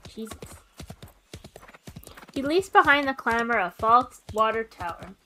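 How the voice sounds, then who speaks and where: Bright, higher-pitched woman streamer narrating a game story, expressive and reactive. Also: soft background music. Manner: expressive, quick reactive asides. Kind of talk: reading story narration with casual asides.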